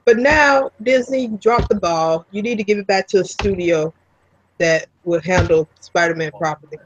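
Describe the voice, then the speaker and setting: A man talking earnestly in a casual group chat, halting and questioning. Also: high-pitched, a little hiss or hum. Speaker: panel guest. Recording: dull lo-fi sound.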